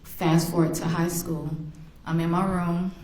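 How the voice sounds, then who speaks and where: In an echoey courtroom, the victim's mother gives an emotional victim impact statement, recounting memories and acting out voices she remembers. Her voice is fairly low and darkish, delivered flatly at a measured pace.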